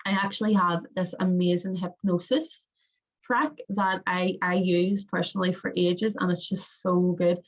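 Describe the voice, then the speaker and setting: Woman, young adult, lowish voice, rambling breathwork coach, muffled lo-fi audio. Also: fairly even intonation, normal speed. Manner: chatty, rambling, lots of fillers and restarts. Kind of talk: casual spoken instruction.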